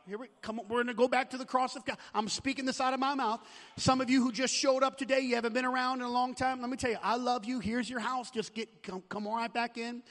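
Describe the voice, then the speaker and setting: A man's voice: very high voice, fairly bright tone, long reverb tail. A man preaching as a pastor, urging his congregation and often repeating and restarting his words. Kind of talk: sermon with prayer call. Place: church sanctuary.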